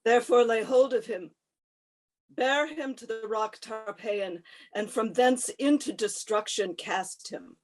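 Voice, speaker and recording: A woman's voice: fairly high pitch, measured pace, close to an everyday voice. A woman playing a zealous Roman tribune, speaking in an accusing, declamatory way. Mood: commanding. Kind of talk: stage play reading.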